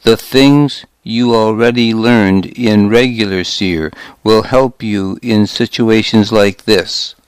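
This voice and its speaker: A man's voice: on the low side, steady tone, takes it slowly, hardly any pauses, clean tone, no echo. A man voicing a stern male instructor, lecturing trainees in a matter-of-fact way.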